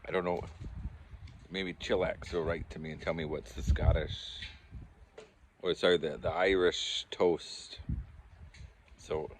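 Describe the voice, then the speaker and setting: A man's voice: deep voice, a little hiss or hum. A man chatting casually to his camera as a pipe-smoking vlogger, rambling easily with chuckles and self-corrections, the camera held in his hand. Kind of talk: casual fireside chat to camera. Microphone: handheld camera.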